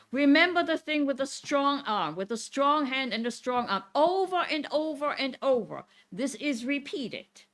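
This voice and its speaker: A woman's voice: high voice, bright, forceful tone. A woman teaching a Torah lesson to a congregation. She reads verses aloud, explains Hebrew words and keeps checking in with "Okay?". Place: synagogue classroom.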